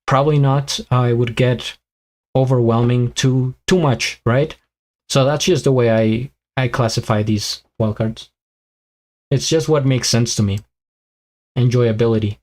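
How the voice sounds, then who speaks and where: Guy on a live reaction stream, rambly and chatty, lots of uh and like, voice getting a bit worn out, mid-pitched. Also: unhurried, darkish tone. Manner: rambling, thinks aloud with many fillers and restarts. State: voice tiring and weakening. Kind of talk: casual live commentary, chatting with viewers.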